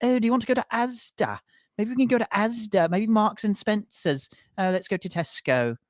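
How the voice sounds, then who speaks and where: Man doing a high-pitched, fussy English shopper voice; sing-song, dry close mic. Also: a little fast, dry recording, close to an everyday voice.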